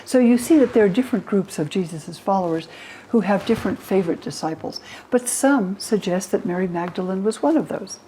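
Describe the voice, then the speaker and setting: A woman's voice: mid-range voice, a little fast, hardly any pauses, slight background noise, low-quality recording. A woman in her eighties from the United States, a historian of religion, telling stories animatedly in a documentary interview. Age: 80s. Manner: animated storyteller, acts out quotes.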